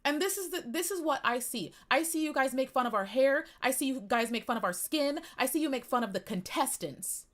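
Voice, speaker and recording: A woman's voice: high-pitched, lively intonation, fairly quick, few pauses, fairly bright tone. A young woman live-streaming an upset rant about pageant fans, near tears, with her voice rising and falling as she repeats herself.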